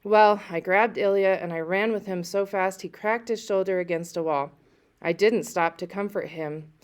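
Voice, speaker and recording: A woman teacher reading a novel aloud to students and pausing to discuss it, checking in as she goes. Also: mid-range voice.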